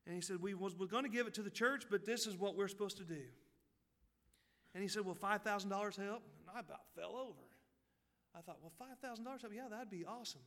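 A man preaching a sermon, telling a folksy story, dropping to quiet asides and rising to loud, fervent peaks. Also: sits high, brisk, gravelly, big-room sound. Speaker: pastor.

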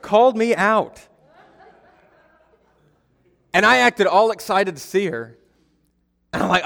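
A young man gives a sermon as pastor, his voice sitting a little higher than most men's. He talks in a loose, conversational way, telling stories and poking fun at himself. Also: slow pace, gravelly, long pauses, bright, forceful tone. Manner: conversational storytelling, self-deprecating humor.

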